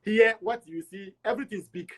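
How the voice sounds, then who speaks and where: A middle-aged man from Togo, an interview guest, telling his travel story in an animated way and acting out the dialogue. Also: high-pitched, moderate pace. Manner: animated, acts out dialogue with repeats.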